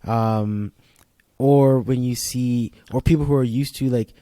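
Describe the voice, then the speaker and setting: A man's voice: mid-range voice, fairly even intonation, measured pace, dark tone, smooth, no room sound, clean studio sound. A young man co-hosting a podcast in casual chat, a laid-back storyteller who acts out quotes. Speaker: podcast co-host.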